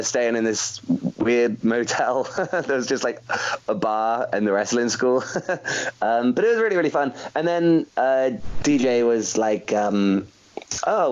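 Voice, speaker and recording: A man's voice: mid-range voice, clear, resonant tone, low-quality recording. A young man from England, a wrestler being interviewed, chatting casually in a rambling way with many fillers and frequent laughs. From England, Welsh parents. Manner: laid-back, laughs often, rambling with fillers. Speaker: professional wrestler, guest.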